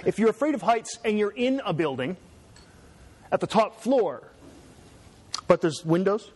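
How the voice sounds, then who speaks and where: Chatty male lecturer, higher voice. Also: very animated, a little slow, darkish tone. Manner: chatty, asks students "right?". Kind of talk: classroom lecture.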